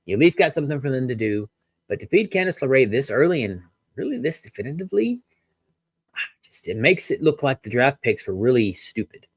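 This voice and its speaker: A man's voice: mid-range voice, very animated, a little fast, breathy edge, no echo. Man, podcast host, ranting, rhetorical questions, dry close sound. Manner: ranting, rhetorical questions, frequent apologies for tangents. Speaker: wrestling review podcast host. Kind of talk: solo review podcast.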